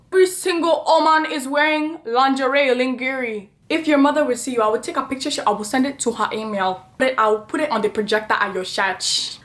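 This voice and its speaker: A young woman telling a personal story to her channel in a chatty, animated, dramatic way. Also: high-pitched. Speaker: vlogger. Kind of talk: storytime vlog.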